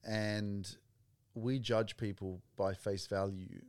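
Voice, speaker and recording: A man's voice: lowish voice, fairly even intonation, takes it slowly, darkish tone, dry recording. A man hosting a casual podcast interview, speaking earnestly and addressing listeners directly. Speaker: podcast host.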